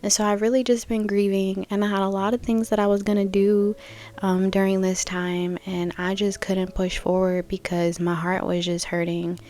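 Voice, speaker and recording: A woman's voice: mid-range voice, little pitch movement, moderate pace, a little mellow. A young adult woman hosting a reflective spiritual podcast, musing casually and thinking aloud with many fillers. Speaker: podcast host.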